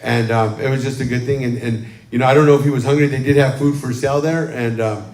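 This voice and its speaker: A man's voice: mid-range voice, steady tone, quick pace. A man preaching as pastor, telling casual stories to his congregation and often adding "amen.". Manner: chatty, warm storytelling with frequent "um" and "amen". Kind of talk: casual sermon talk to a congregation. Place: church sanctuary, livestreamed. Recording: roomy church sanctuary sound.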